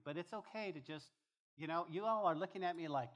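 Guy preaching, animated and emphatic, keeps repeating himself for effect. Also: a little high, fast. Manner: emphatic, animated, often repeats phrases and restarts. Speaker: pastor. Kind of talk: expository sermon.

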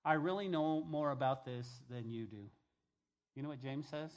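A male pastor preaching a sermon, emphatic, repeating key phrases and swinging between loud and hushed delivery. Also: on the high side, a little fast.

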